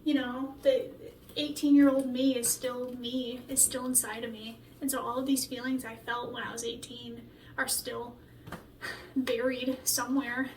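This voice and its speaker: A young woman, a singer-songwriter, chatting excitedly and rambling with lots of filler words during a vocal recording session vlog. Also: fairly high pitch, normal speed, slight background noise. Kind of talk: behind-the-scenes vlog commentary. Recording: echoey room heard from a distance.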